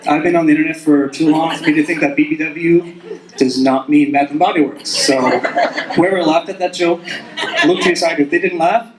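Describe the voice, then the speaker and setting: A man's voice: on the high side, fairly even intonation, a little fast. A man in his thirties doing a rambling, self-deprecating stand-up set on a club stage. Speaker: stand-up comic. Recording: echoey club with crowd.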